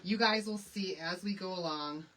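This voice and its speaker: A woman's voice: on the low side, moderate pace, a bit bright, far from the mic, a little hiss or hum, poor audio. A middle-aged woman from Michigan hosting a casual live craft demonstration, chatting and greeting viewers by name. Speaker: craft livestream host.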